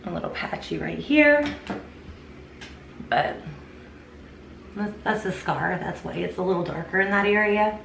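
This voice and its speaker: A woman's voice: medium pitch, big pitch swings, unhurried, vocal fry, pauses often, fairly bright tone, far from the mic. Chatty young woman vlogger in an echoey room. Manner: chatty, enthusiastic, addresses viewers as "you guys". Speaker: beauty vlogger. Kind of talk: casual makeup review. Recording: echoey room, voice a little off-mic, faint hiss.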